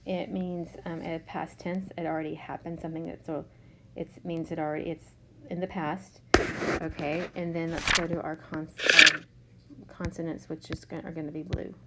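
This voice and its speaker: A woman teaching a third grade class, slowly and patiently sounding out letters and words. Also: deep voice, little pitch movement, heavy background noise. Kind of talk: remote spelling lesson.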